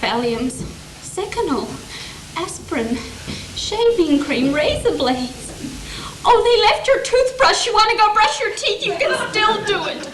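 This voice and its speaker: Woman acting as a frantic burgled wife, very high, shrill, sarcastic, noisy recording. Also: big pitch swings, unhurried, a bit bright, full character voice. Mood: indignant. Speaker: stage actor. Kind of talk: live amateur stage comedy. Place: theatre stage. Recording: echoey hall, noisy audience recording.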